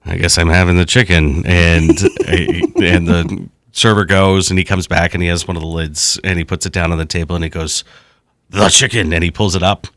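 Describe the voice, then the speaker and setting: Very deep-voiced man hosting a chat show. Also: level tone, normal speed, fairly bright tone, no room sound, clean studio sound. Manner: rambling, laughs often, many fillers. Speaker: host. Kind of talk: casual live-stream chat.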